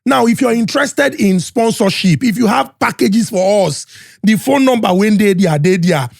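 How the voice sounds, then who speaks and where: Energetic Nigerian male podcast host, high-pitched, Pidgin-mixed hype reads, dry close studio mic. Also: normal speed, gravelly, no room sound. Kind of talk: hyped podcast intro and sponsor reads.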